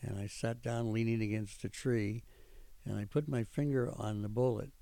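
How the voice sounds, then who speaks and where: Gravelly older man telling war stories. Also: fairly low pitch, steady tone, mellow, no room sound. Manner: rambling storytelling with frequent pauses and fillers. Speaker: veteran interviewee. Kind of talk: oral history recollection.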